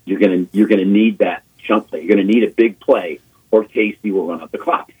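A man in his sixties, a guest on sports radio, telling an animated story and acting out quotes, repeating himself as he goes. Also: on the low side, fairly quick, breathy edge. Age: 60s. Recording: phone-line call on radio.

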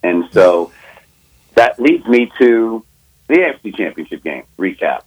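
A man with a slightly low, husky voice talks into a studio mic on a sports radio show. He tells a betting story fast and with emphasis, and acts out both sides of a phone call. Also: big pitch swings. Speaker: sports betting analyst guest.

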